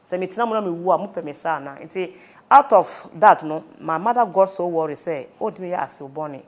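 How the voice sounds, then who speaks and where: A woman's voice: on the low side, expressive, fairly quick. A woman with a Ghanaian accent recounting a painful personal story, mixing Twi and English. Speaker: interviewee. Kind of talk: emotional personal testimony.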